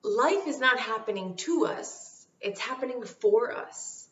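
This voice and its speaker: A woman's voice: on the high side, expressive, unhurried. A woman vlogger talking casually to camera with motivational life advice, emphatic and repeating her key phrases. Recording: roomy, distant, dull sound.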